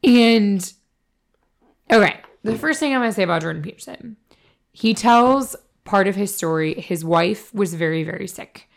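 A woman co-hosting a podcast, hoarse from a cold, talking casually and bluntly with lots of fillers and swearing. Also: mid-range voice, expressive, moderate pace. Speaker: podcast co-host. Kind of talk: casual chat.

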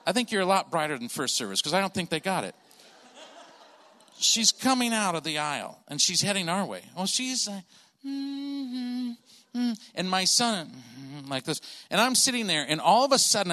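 A man doing stand-up storytelling as a comedian, animated and acting out the people in his stories. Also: on the high side. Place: church auditorium. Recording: long reverb of a large hall.

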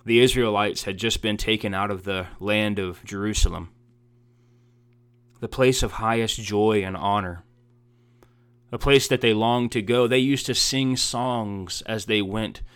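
A man's voice: lowish voice, measured pace, fairly bright tone, clean tone, dry recording. A man preaching a heartfelt sermon as a pastor, earnest and emotional, building emphasis through repeated phrases.

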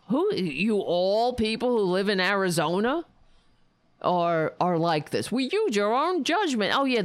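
A woman's voice: medium pitch, no room sound. A woman hosting a political talk show, ranting with profane, sarcastic mockery. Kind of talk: angry political commentary.

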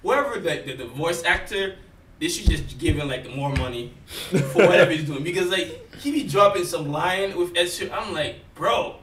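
A man's voice: on the high side, animated, normal speed. A man with a non-native English accent, rambling in a casual chat, full of fillers and laughs. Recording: roomy, distant mic, faint noise.

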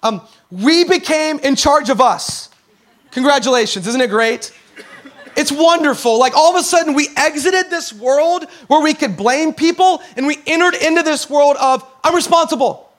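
High-voiced animated pastor in his thirties. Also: normal speed. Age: 30s. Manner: animated, acts out quotes, rises to near-shouts on key points. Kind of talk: sermon.

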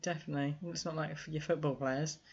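A woman's voice: low voice, fairly even intonation, fast, creaky, darkish tone, slightly rough. A woman co-hosting a podcast, chatting casually, laughing often and trailing off with ums. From Britain. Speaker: podcast co-host. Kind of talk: casual chat. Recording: dull lo-fi sound.

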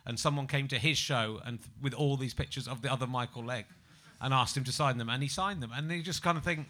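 A man's voice: medium pitch, quick pace, pushed and bright. A man hosting a live comedy show, chatting with a guest in a joking, rambling way and laughing often. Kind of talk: live stage chat with a guest.

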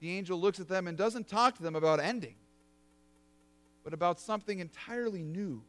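A man's voice: high-pitched, brisk, a bit bright. A man preaching a sermon as pastor, telling it in a vivid, conversational storytelling way.

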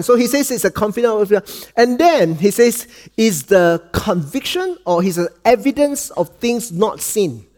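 Malaysian guy preaching, tells family stories, goes quiet and soft for the heartfelt bits, bit of a higher voice. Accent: Malaysian English. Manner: dips soft and low for quoted lines, cracks dad jokes. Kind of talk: sermon with storytelling.

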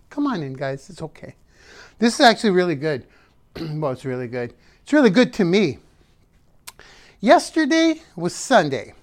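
A man giving a casual motivational talk, playful and emphatic, breaking off to sing and repeating words for effect. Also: sits high. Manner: playful, self-interrupting, sings snippets; emphatic repetition. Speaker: motivational vlogger.

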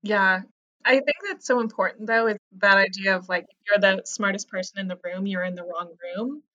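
A woman's voice: mid-range voice, fairly even intonation, fairly quick, sharp tone. An upbeat woman hosts an interview, chatting and asking questions with a mid-range voice. The sound is a little dull. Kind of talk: interview hosting.

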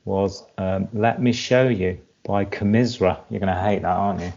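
Guy, lowish voice, dry jokey podcast cohost, dull lo-fi audio. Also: steady tone, normal speed, a little mellow. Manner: dry, wry humor. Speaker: podcast co-host. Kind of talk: casual chat. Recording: dull lo-fi sound.

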